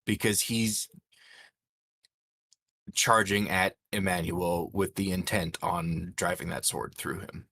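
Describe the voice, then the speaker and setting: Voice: deep voice, steady tone, slow, pauses often, sharp tone, dry recording, studio quality. A player in a tabletop game, speaking hesitantly with many fillers.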